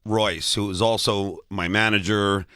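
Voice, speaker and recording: A man's voice: fairly low pitch, fairly even intonation, unhurried, bright, forceful tone, clear, resonant tone, no echo. A man with a stutter, telling stories as a studio interview guest and laughing often. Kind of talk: storytelling interview chat.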